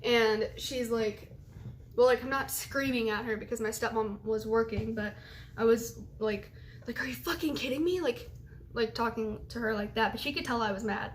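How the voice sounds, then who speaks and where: A woman's voice: a little high, flat delivery, moderate pace, slight background noise. A young woman telling a heated storytime vlog, swearing as she retells a fight. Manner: heated, swearing, retells quotes in others' voices.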